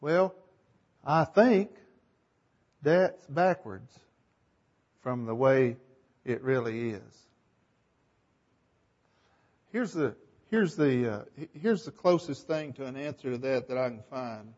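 A man's voice: mid-range voice, expressive, takes it slowly, pauses often, darkish tone. Man, Bible study leader, conversational, asks questions, muffled lo-fi sound. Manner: conversational, thinks aloud, asks the group questions. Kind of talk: leading a group Bible discussion.

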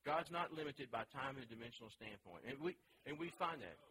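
A man's voice: mid-range voice, lively intonation, quick pace, sharp tone, poor audio. A man teaching a Bible study class, reading scripture aloud and then asking the group questions about it.

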